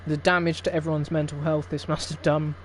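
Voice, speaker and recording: Man, young adult, stream host, casual rambling chat, wry chuckles, slightly high pitch. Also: level tone, brisk, slight background noise. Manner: rambling, wry, laughs often at the chaos.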